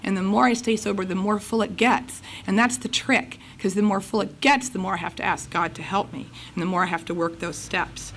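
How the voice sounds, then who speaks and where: A woman's voice: mid-range voice, fairly quick, few pauses, slight background noise. Middle-aged woman telling her recovery story. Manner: lively storytelling, acts out conversations. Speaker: recovery meeting speaker. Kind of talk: personal testimony talk. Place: recovery meeting room.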